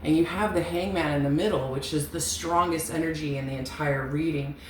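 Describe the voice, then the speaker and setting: A woman's voice: sits low, steady tone, brisk. A woman giving a casual, rambling tarot reading, frank and chatty, swearing now and then. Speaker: tarot reader. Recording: echoey room with faint hiss.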